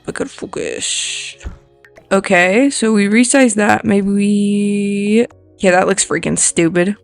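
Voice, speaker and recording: Speaking in a gravelly mid-range voice, this creator narrates a life-sim building session with loose, wandering commentary, musing out loud and laughing at their own slip-ups.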